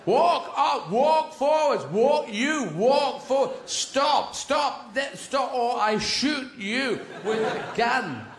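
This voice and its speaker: A man voicing a bossy horse shouter who barks slow orders, in an echoey live venue. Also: very high-pitched, lively intonation, slight background noise, voice pushed up, exaggerated voice. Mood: barking. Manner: loud, commanding, drawn-out orders.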